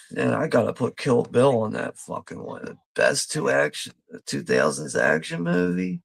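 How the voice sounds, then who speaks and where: A man's voice: mid-range voice, wildly swooping pitch, measured pace, vocal fry, breathy edge, no room sound. A man hosting a live watch party, commenting casually over a film, laid-back, swearing freely and laughing often.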